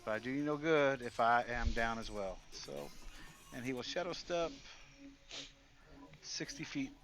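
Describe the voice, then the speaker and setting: A man's voice: medium pitch, a little slow, a bit bright. A man playing a tabletop game, joking and swearing as he narrates his character's moves. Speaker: player. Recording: music playing behind. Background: background music.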